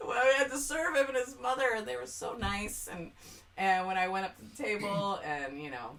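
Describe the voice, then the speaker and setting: A woman co-hosting a podcast, telling stories in a lively, laughing, casual way. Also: mid-range voice, moderate pace. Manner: animated storyteller, often laughing. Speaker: podcast co-host. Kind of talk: casual chat. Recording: distant mic.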